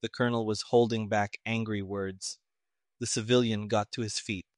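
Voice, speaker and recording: A man narrating a story in a measured, even storytelling manner. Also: lowish voice, no echo, clean studio sound. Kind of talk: audiobook narration.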